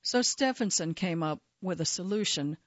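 A woman narrating a true-crime story in a measured, steady scripted delivery. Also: on the low side, no echo. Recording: slightly dull, dry studio sound.

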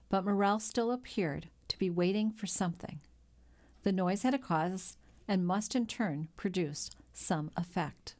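A woman narrating a classic novel in a measured, even storytelling delivery. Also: medium pitch. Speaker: audiobook narrator. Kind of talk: scripted narration.

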